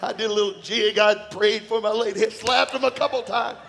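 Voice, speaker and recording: High-voiced man preaching a lively sermon. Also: moderate pace, gravelly. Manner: animated, conversational preaching with bursts of shouting and laughter. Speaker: pastor. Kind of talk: sermon with personal stories. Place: church sanctuary.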